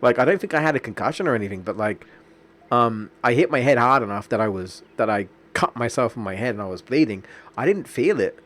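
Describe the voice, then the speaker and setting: Expressive and a bit bright, this young man's mid-range voice moves fairly quickly. During casual gameplay commentary on his stream, he wanders through a long anecdote with many restarts and fillers.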